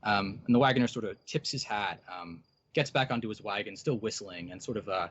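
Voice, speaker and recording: A man's voice: lowish voice, brisk, fairly bright tone, slight background noise. A man narrating as game master, with many hesitant ums and uhs. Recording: dull lo-fi recording.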